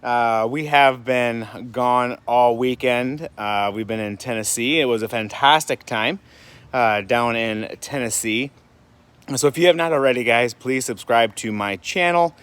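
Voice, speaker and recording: A man's voice: mid-range voice, measured pace, a bit bright, smooth. A man from Michigan talking casually to camera in a vlog, rambling with fillers and restarts and asking rhetorical questions. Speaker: vlogger. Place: home in Puerto Rico.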